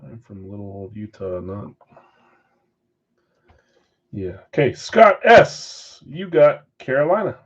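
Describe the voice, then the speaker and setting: A man hosting a live-stream card break, briskly calling out names and assignments with chatty asides in between. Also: medium pitch, big pitch swings, dull audio. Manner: brisk name-and-team roll call with chatty asides. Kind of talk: casual live-stream roll call.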